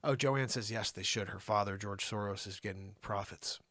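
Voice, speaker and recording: A man hosting an improvised comedy news show, talking in a mocking, animated way to an imaginary co-host. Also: lowish voice, moderate pace, dry recording, studio quality.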